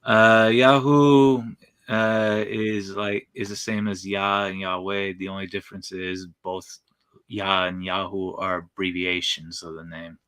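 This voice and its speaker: A man co-hosting a casual talk show, explaining language points in a halting way with many fillers and restarts. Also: deep voice, flat delivery, fairly bright tone, clear, resonant tone, no room sound. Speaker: co-host. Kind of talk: casual podcast commentary.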